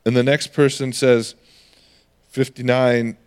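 Speaking slowly and smoothly in a mid-range voice, a male pastor gives a sermon with a conversational feel. His delivery is lively and animated, and he takes on the voices of those he quotes.

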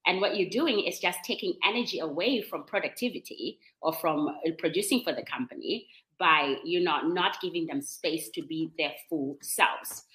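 A woman's voice: deep voice, a bit bright, low-quality recording. A woman from Zimbabwe with a Zimbabwean accent, speaking as a guest on a panel and explaining her points in a conversational way.

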